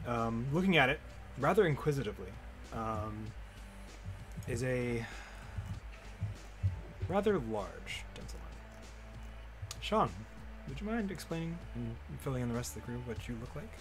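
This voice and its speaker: Male game master, narrates a tabletop session haltingly, soft music behind. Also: mid-range voice. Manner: halting, filler-heavy narration.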